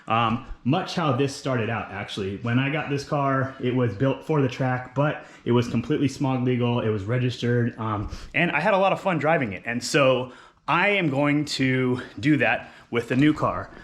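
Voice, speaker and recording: A man's voice: medium pitch, normal speed, a bit bright. A young man from California, casually walking around a wrecked car he plans to rebuild, upbeat and full of fillers like "um" and "like". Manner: enthusiastic, filler-heavy, talks with his hands. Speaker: car vlogger. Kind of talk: casual walkaround vlog.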